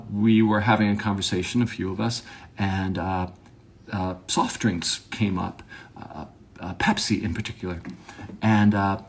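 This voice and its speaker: A man's voice: lowish voice, breathy edge. A man telling a rambling comedy monologue, full of fillers and incredulous quoted reactions.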